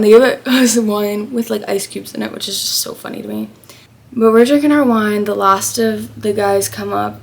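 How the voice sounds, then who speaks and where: A woman's voice: mid-range voice, gravelly, slightly rough. A young American woman in her twenties telling a chatty travel storytime, acting out the people she quotes. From United States. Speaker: vlogger.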